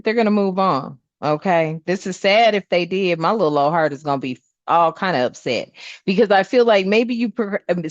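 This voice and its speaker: A woman doing a spiritual reading in a casual vlog, talking bluntly with lots of swearing and lively storytelling. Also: mid-range voice, no room sound. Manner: blunt, profane, animated storytelling. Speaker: spiritual reader. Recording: dull, dry sound.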